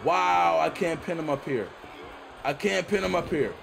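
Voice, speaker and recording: A young man playing a video game and commentating excitedly, repeating himself and shouting at the screen. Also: fairly high pitch, moderate pace, gravelly. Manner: loud, repetitive, often shouting at the game. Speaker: gaming YouTuber. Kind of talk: excited let's-play commentary. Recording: noisy game audio behind.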